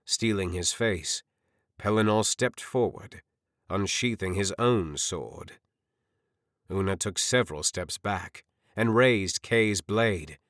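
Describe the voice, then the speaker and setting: Man reading a fantasy audiobook, lowish voice, slow and expressive, dry close mic. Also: no room sound. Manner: expressive, measured storytelling. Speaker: audiobook narrator. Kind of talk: scripted narration.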